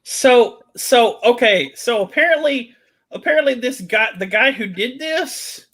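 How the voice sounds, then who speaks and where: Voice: medium pitch, expressive, a little slow, fairly bright tone. A co-host on a casual podcast who rambles through stories and swears casually. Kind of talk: casual chat.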